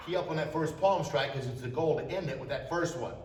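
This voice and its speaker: A middle-aged man teaching a martial arts class, demonstrating self-defense moves with energy and sharp shouted strike cries. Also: on the high side, fast talker, hardly any pauses, far from the mic, heavy background noise. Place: martial arts studio, indoors. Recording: echoey studio, voice from off-mic.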